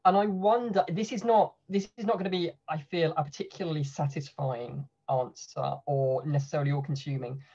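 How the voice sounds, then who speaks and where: A man's voice: a little high, mellow. Hesitant man thinking aloud. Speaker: panelist at a book launch. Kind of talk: academic discussion. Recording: slightly dull video-call audio.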